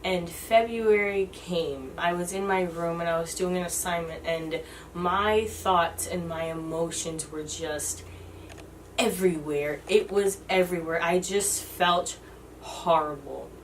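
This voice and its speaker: Halting young woman, slightly distant mic. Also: lowish voice, slight background noise. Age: 20s. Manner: halting and emotional, many restarts. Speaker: vlogger. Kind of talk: personal confessional storytelling.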